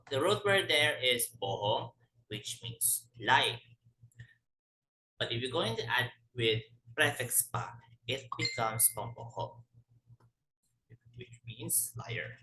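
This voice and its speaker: A man from the Philippines teaches a language lesson word by word, halting often to restart and correct himself. His mid-range voice is bright and forceful, but the audio is poor and reverberant.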